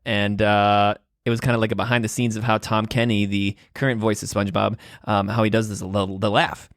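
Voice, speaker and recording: A man's voice: lowish voice, little pitch movement, fairly quick, no room sound, clean studio sound. A man in his twenties from Wisconsin hosting a casual solo podcast from a room at home, talking in a rambling, hesitant way with many ums and restarts and frequent laughs. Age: 20s. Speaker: podcast host. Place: room at home with guitars on the wall.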